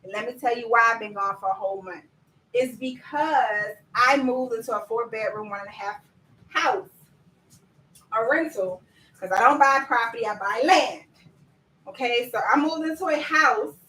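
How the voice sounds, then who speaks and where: A woman coaching viewers in a lively live-stream chat, talking to them directly and laughing often. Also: fairly high pitch, normal speed, echoey room, recorded from a distance, poor audio. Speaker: business coach.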